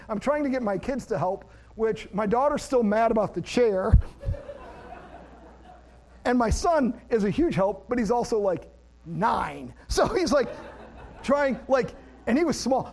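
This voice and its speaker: A man preaching a sermon, an animated storyteller who laughs at himself and then moves into plain teaching about scripture. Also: high voice. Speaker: pastor.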